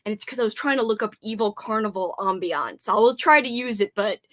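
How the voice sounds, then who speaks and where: A woman hosting a casual livestream, bubbly and chatty, greeting viewers by name with loud sing-song hellos. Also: mid-range voice, brisk. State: slightly out of breath after exercise. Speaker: livestream host.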